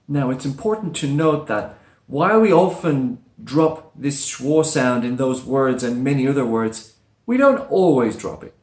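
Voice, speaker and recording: A man teaching English pronunciation, repeating words slowly with exaggerated stress. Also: medium pitch, lively intonation, a little mellow, roomy sound. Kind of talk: slow, careful pronunciation lesson.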